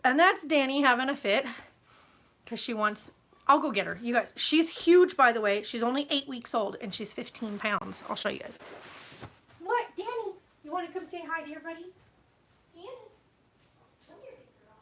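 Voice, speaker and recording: High-voiced woman vlogging casually. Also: lively intonation, moderate pace, fairly bright tone, slight background noise. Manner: rambling, filler-heavy, coos baby talk to a puppy. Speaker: homesteading vlogger. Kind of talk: casual vlog chat.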